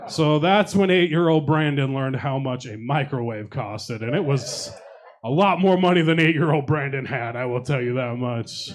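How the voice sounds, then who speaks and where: At a comedy showcase with a live audience, a young adult man performs stand-up, telling profane, self-deprecating stories and teasing the crowd. His voice is mid-range, with a little hiss or hum on the recording.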